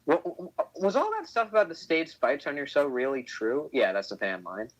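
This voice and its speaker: A man's voice: fairly high pitch, lively intonation, brisk, muffled recording. A man hosting a casual chat, laughing often and restarting his sentences. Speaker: host.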